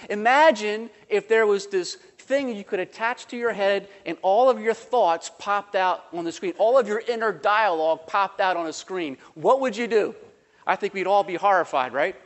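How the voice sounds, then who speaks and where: A man preaching a sermon, animated and conversational, acting out voices in the quotes he tells. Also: high-pitched, normal speed, big-room sound. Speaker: pastor.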